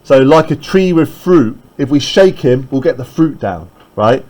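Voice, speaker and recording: A man teaching a classroom literature lesson, with a voice at an ordinary middle pitch. He breaks ideas into small steps and keeps tossing in quick "right?" checks to the students. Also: lively intonation, a little mellow, poor audio.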